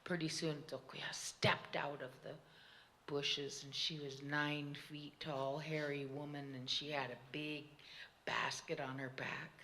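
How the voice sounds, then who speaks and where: A woman telling a traditional story to an audience, animated and quick to laugh. Her voice sits low yet sounds bright and clear, with the easy rhythm of oral storytelling. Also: a little hiss or hum. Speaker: tribal storyteller on a panel.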